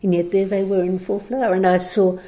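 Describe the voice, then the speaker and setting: A woman's voice: mid-range voice, fairly even intonation, fairly quick, mellow. A woman telling a long anecdote on a recorded program, chatty, with frequent laughs, ums and restarts. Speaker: guest storyteller.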